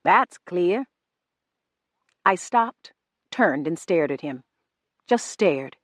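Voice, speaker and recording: A woman reading a novel aloud in first person, measured and restrained. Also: low-pitched, lively intonation, no echo, studio quality. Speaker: audiobook narrator. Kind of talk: first-person audiobook narration.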